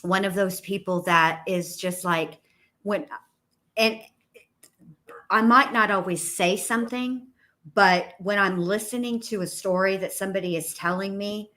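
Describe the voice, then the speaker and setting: A woman's voice: medium pitch, steady tone, a little slow, bright, forceful tone. A woman who hosts a YouTube channel, talking in a reflective, rambling way with frequent restarts. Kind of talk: casual conversation.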